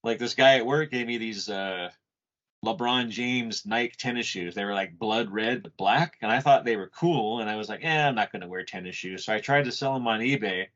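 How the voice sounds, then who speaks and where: His fairly low voice comes through muffled, lo-fi audio at a normal pace. Co-hosting a podcast, the man chats casually, cursing freely and wandering animatedly from point to point.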